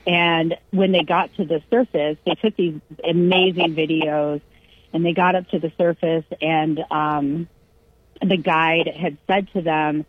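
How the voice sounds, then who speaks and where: A woman with a slightly low, husky voice tells a family story in easygoing conversation, slipping into the voices of the people she quotes. The sound is dry and tinny, like a phone line. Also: a little slow, dry recording. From California. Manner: animated anecdote-telling, acts out quotes. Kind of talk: casual chat.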